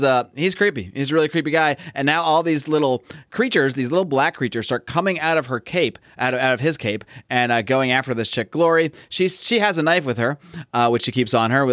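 A man's voice: medium pitch, fairly bright tone, no echo. Chatty man with a dry, close sound. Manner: chatty, rambling, frequent fillers and restarts. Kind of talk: casual comic book discussion.

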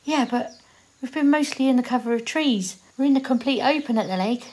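A woman acting a blunt, teasing survivor of a zombie apocalypse in an audio drama, quick with sweary put-downs. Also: high-pitched, a little mellow, slight background noise, natural voice.

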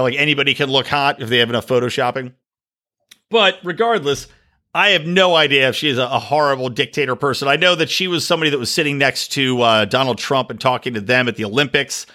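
A man's voice: medium pitch, sharp tone. A man hosting a solo political podcast, delivering opinionated, profane and sarcastic rants. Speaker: podcast host.

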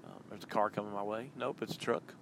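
While driving his car, a man hosts a podcast in a rambling, loose monologue full of ums and uhs. His voice is lowish and fairly bright, with fairly even intonation and a quick pace, over slight background noise.

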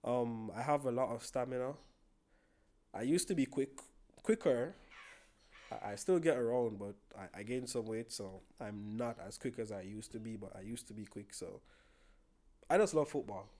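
A man's voice: medium pitch, moderate pace, pauses often, mellow. A young man with a Jamaican accent, a podcast guest in casual chat, rambling along and repeating words as he thinks.

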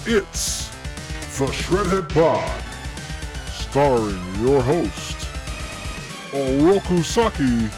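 A man putting on a theatrical, drawn-out show announcer voice to open a comedy podcast, speaking over theme music. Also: medium pitch, sing-song, voice pushed up. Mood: grandiose hype. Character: booming male show announcer, grandiose hype.

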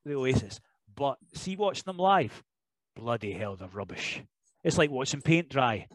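A man's voice: medium pitch, measured pace, no echo, rough recording. A man with a Scottish accent, a wrestler chatting as a podcast guest, telling jokey stories with lots of energy. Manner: animated, jokey storyteller who slips into impressions and laughs. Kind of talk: casual podcast interview chat.

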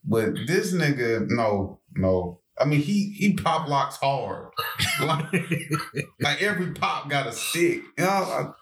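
A man co-hosting a casual chat, animated and quick to swear and laugh. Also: fairly high pitch. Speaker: podcast co-host. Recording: echoey room, faint noise.

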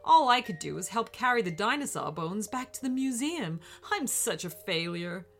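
A woman puts on a tearful young woman superhero who keeps apologising and calling herself a failure. Her pitch swings widely as she gushes. Soft music plays behind. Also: big pitch swings, moderate pace. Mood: upset. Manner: sad, apologetic, gushing.

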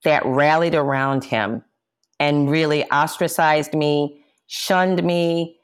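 A woman's voice: low voice, fairly even intonation, takes it slowly, smooth. A woman, a jazz singer, speaking as an interview guest and candidly recounting personal events with emphatic, impassioned delivery.

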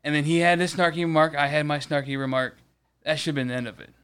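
Smooth-voiced man telling a heated story. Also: fairly high pitch, quick pace, a bit bright. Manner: rambling, profane, gets heated retelling a confrontation. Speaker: podcast co-host. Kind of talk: casual chat, storytelling.

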